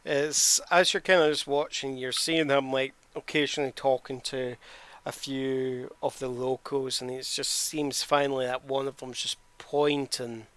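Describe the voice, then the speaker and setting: Bright-toned game master narrating a scene. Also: male voice, medium pitch, fairly even intonation, measured pace, clear, resonant tone.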